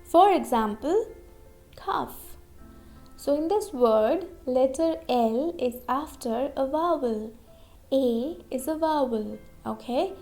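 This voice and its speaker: A woman's voice: high-pitched, animated, slow, mellow, faint music behind. A woman teaching English pronunciation, saying each example word twice and checking in with "okay?" as she explains. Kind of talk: slow, deliberate pronunciation lesson.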